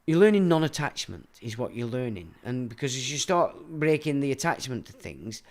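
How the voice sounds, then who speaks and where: A middle-aged man delivers a rambling livestream monologue. His talk is blunt and full of swearing, and his pitch swings widely as he rants. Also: big pitch swings, moderate pace. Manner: blunt, profane, ranting. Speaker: livestream host.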